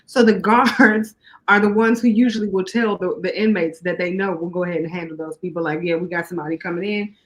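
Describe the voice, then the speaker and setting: A woman co-hosting a podcast, telling stories in a lively, slangy, casual way. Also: medium pitch, a little fast. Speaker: podcast co-host. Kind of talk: casual chat.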